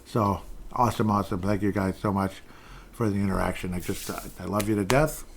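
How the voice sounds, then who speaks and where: A man's voice: fairly low pitch, steady tone, brisk, gravelly, background noise. A man hosting a sports podcast, chatting loosely and reading out listener comments. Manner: rambling, chatty, with restarts and laughs. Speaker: podcast host.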